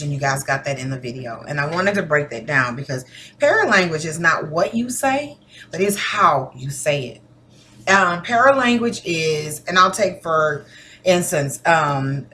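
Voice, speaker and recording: In this recorded lesson, a woman teacher with a low-pitched voice chats casually with her students and acts out different tones of voice. Her manner is conversational, with animated demonstrations of tone, and there is slight background noise.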